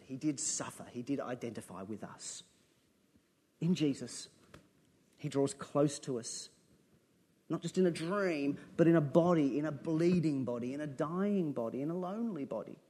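Husky preacher with a lively voice. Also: male voice, fairly high pitch, moderate pace. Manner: earnest, conversational asides mixed with dramatic reading. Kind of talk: sermon.

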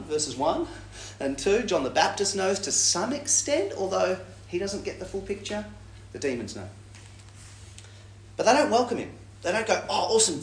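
A man giving a Bible teaching talk in a lively way, acting out quoted lines with big jumps in pitch. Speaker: preacher. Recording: echoey room.

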